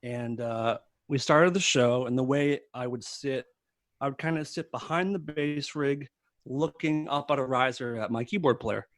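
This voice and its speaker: A man guesting on a podcast, telling a story in casual chat, animated and laughing often. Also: medium pitch, moderate pace, no echo, studio quality. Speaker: podcast guest, former tour crew member.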